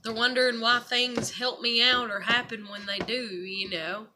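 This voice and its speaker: A woman's voice: on the high side, flat delivery, moderate pace, background noise. A woman talking frankly and casually to her camera in a rambling personal monologue, swearing freely and leaning on "you know" and "I'm like". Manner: frank and profane, rambling with many fillers. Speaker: vlogger.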